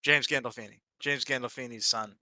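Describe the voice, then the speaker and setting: A man chatting casually as co-host of a hobby stream, rambling with many fillers and pausing to search for names. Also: medium pitch, fairly even intonation, bright, forceful tone, no echo. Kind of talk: casual chat.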